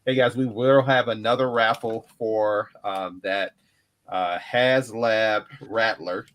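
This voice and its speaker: A man's voice: on the low side, steady tone, slow pace, a bit bright. Easygoing man making casual announcements. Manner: laughing, easygoing, loose with fillers. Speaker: podcast co-host, charity organizer.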